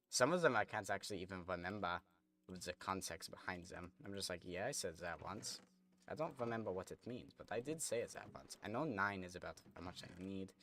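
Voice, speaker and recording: A young man with a very low voice talks through a gaming stream in a loose, rambling way. He chats with viewers as he plays, drifting between comments and what he is doing in the game. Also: fairly bright tone. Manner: rambling, chatty, reads chat aloud while playing. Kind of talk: casual gameplay stream chatter.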